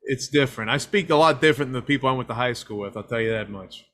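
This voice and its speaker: Talking fast in a mid-range, fairly bright voice, a Knoxville, Tennessee filmmaker rambles through a casual podcast interview. He jokes around and pokes fun at himself.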